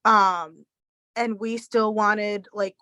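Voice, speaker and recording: A woman co-hosting a casual podcast chat, speaking in a slow, supportive way. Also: mid-range voice, steady tone, sharp tone, no room sound. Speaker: podcast co-host.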